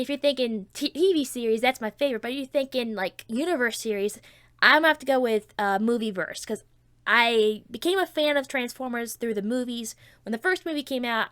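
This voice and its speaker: A woman's voice: fairly high pitch, no room sound. Vlog host, woman with a cold-stuffed nose; eager, rambling, dry close sound. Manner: chatty and excitable, many fillers and restarts. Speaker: channel host. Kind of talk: casual Q&A vlog.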